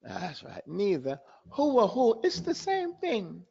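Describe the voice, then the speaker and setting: A man's voice: high voice, huge pitch swings, slow pace, creaky, a little mellow, breathy edge. A man teaching recitation in a live online class, drilling sounds over and over and mixing Arabic terms into his explanations. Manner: drills pronunciation by repeating sounds. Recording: dull lo-fi online class audio.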